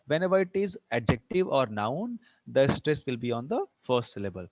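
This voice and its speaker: A man's voice: mid-range voice, very animated, fairly quick, a little mellow, no room sound. A man teaching a class, repeating points and often asking whether students are following. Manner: keeps checking understanding with questions; repeats and restarts to stress a point. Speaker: English teacher. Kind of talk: classroom lecture on word stress. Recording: dull dry lo-fi recording.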